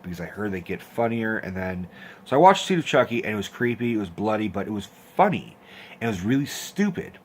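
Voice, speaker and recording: A young man with a fairly low voice rants casually about his past, swearing freely and jumping into squeaky impressions as he tells the story. Faint room ambience sits behind him. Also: quick pace, slight background noise. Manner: animated, profane, acts out quotes with squeaky voices. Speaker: host of a horror film rant channel.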